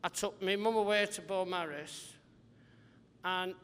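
Guy comedian rambling thru a story, does the voices, sharp bright voice, hall echo. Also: high voice, a little slow, smooth. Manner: rambling animated anecdotes, acting out voices. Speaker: comedian guest. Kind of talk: live podcast interview.

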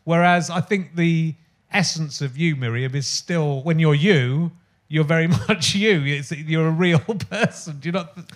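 A man hosting an interview, his voice pitched a little high for a man. He rambles through his questions, restarting his sentences and laughing often. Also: measured pace. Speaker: podcast host. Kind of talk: interview chat.

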